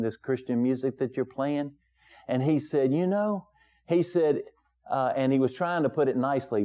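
A middle-aged male pastor preaching in a conversational way, telling an everyday story and then rising higher and louder on his main points. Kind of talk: sermon.

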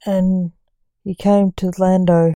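A woman's voice: fairly low pitch, little pitch movement, takes it slowly, dark tone, dry recording. A woman voicing a scared young male magician, the reaper king's son, speaking timidly and reluctantly.

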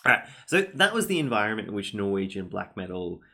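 A man's voice: fairly low pitch, big pitch swings, fast talker, vocal fry, pushed and bright. A man hosting a podcast, chatting casually and rambling with lots of fillers and restarts. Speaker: podcast host. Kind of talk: casual chat.

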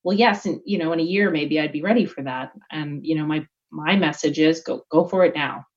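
A woman's voice: sits low, a little fast, lo-fi sound. A middle-aged woman giving a candid, reflective interview answer, full of fillers and restarts. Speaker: guest executive.

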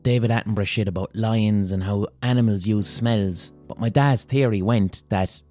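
Man, comic podcast storyteller, low mellow voice, rambling and crude, faint music behind. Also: normal speed. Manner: rambling, crude, self-amused. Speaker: podcast host.

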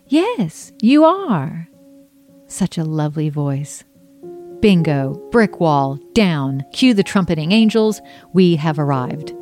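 A woman's voice: low voice, darkish tone. Earnest woman reading her memoir. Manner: earnest, emotional first-person storytelling.

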